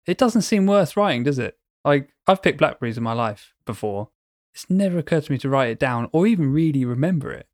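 A man's voice: a little high, lively intonation, a little fast, no room sound. Male podcast co-host, casual and self-mocking, dry recording. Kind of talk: casual chat.

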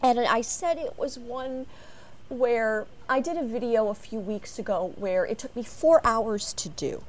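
An expressive American woman from Chicago speaks on a fan panel. Her voice sits a little high, and she tells her stories with plenty of animation to a live audience. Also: a little slow.

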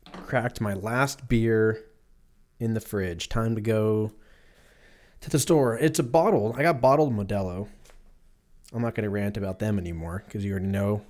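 A man's voice: on the low side, darkish tone. A man in his thirties hosting a solo podcast, rambling casually with loose, profane, jokey storytelling while drinking a beer. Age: 30s. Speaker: podcast host.

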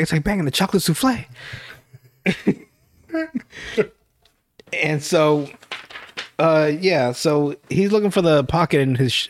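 A man hosting a podcast, casually recapping a show in a profane, rambling storytelling way. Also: a little high. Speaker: podcast host.

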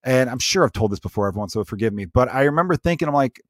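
A man's voice: mid-range voice, expressive, racing, fairly bright tone, no room sound. Profane rambling man, dry mic. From Chicago's South Side, USA. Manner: rambling, profane, acts out quotes in voices. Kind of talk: casual comedic chat.

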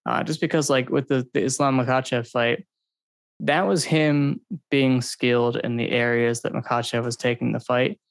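A man's voice: mid-range voice, steady tone, normal speed, creaky, no room sound. A man co-hosting a podcast, breaking down fights in a loose, rambling way full of ums and likes. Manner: rambling, hedging, filler-heavy analysis. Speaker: podcast co-host. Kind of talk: casual podcast chat.

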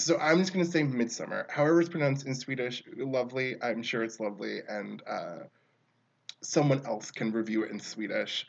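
A man's voice: mid-range voice, normal speed, gravelly, breathy edge, lo-fi sound. A man talking through a film review in a casual, rambling way, often breaking off mid-sentence and laughing.

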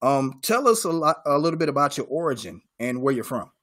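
Male host from Georgia, mid-pitched, friendly and chatty. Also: very animated, a little fast, fairly bright tone. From Georgia, USA. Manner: friendly, says "man" often, hype-style introductions. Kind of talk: casual interview talk.

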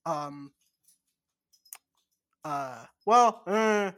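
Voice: medium pitch, expressive, extremely slow, fairly bright tone. A podcast co-host in casual chat, rambling and cursing freely.

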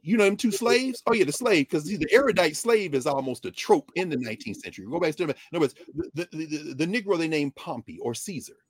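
A man talking in an animated, digressive way in a conversation, often jumping up and down in pitch. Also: husky, dry recording, studio quality. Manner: lively, digressive, quick shifts between high and low pitch. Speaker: guest.

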